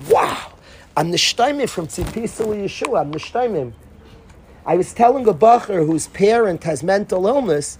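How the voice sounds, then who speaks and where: Animated man giving a Torah talk. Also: high-pitched, normal speed, a little hiss or hum, low-quality recording. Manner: animated storytelling, acting out quoted people; sprinkles Yiddish and Hebrew terms. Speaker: Torah teacher.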